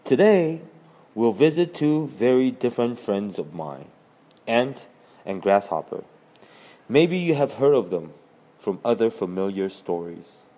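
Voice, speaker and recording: A man's voice: medium pitch, very animated, takes it slowly, hardly any pauses, warm tone. A man doing a chirpy female termite guide. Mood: cheerful. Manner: chirpy, welcoming.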